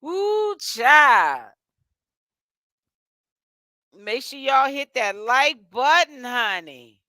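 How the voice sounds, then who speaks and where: A woman's voice: high voice, sing-song, extremely slow, pushed and bright, no room sound, clean studio sound. A woman hosting a gossip commentary vlog, talking in a sassy, chatty way with lots of "honey" and "child" asides. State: tired and yawning while fasting. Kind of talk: casual chat.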